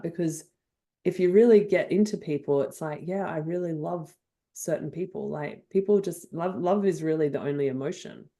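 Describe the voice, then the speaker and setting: Effusive older Australian woman. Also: on the low side. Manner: effusive, animated storytelling. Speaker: guest NLP trainer. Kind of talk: podcast interview.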